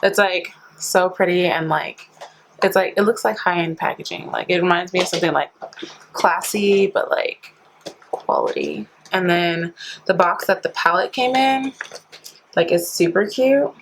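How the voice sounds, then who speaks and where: A woman's voice: fairly low pitch, unhurried, slight background noise, poor audio. A woman beauty vlogger chatting casually through a product review, filling her talk with "like" and playful slang. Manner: chatty, says "like" constantly; playful slang, calls viewers sis and honey.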